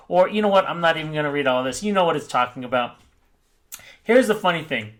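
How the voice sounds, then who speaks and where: A man's voice: fairly high pitch, animated, fast. A man talking casually to his viewers in a rambling, off-the-cuff way, often correcting himself. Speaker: crypto mining YouTuber. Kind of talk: casual vlog talk.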